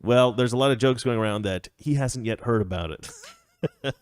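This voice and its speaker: A man's voice: mid-range voice, normal speed, no echo, studio quality. A man hosting a casual political commentary show, opinionated and rambling, chuckling often as he talks. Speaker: show host.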